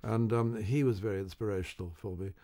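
A man's voice: lowish voice, steady tone, a little fast, dark tone. An older man, a radio interview guest, telling wry stories in an anecdotal way with hesitant restarts.

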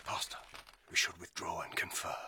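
A man playing an uneasy, cautious pastor who urges calm. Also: deep voice, moderate pace, background noise, natural voice. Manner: urges restraint, pleading. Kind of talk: stage drama acting.

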